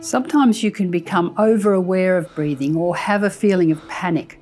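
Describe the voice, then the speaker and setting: Health educator, woman, measured delivery, lowish voice, faint music under. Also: a little mellow. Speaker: health professional. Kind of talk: instructional health narration.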